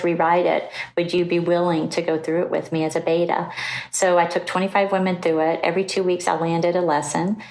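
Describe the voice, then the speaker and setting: A middle-aged woman with a lowish voice speaks as a podcast guest. She tells her story in an animated, conversational way and slips into the voices of the people she quotes. She laughs easily along the way. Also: rough recording.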